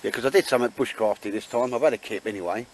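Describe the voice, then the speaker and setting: A man's voice: medium pitch, rapid-fire, slight background noise, rough recording. Man with jokey banter. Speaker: bushcraft vlogger. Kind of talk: casual chat in the woods. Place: woods outdoors.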